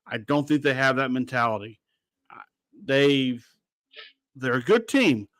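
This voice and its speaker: A man's voice: medium pitch, animated, measured pace, fairly bright tone, dry recording. A man hosting a sports radio show, talking bluntly and rambling, with some swearing. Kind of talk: casual sports talk.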